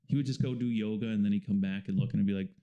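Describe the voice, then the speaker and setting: A man, a painter and the guest, talking casually in an interview and explaining things in a relaxed, rambling way with fillers. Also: fairly low pitch, racing, dull audio.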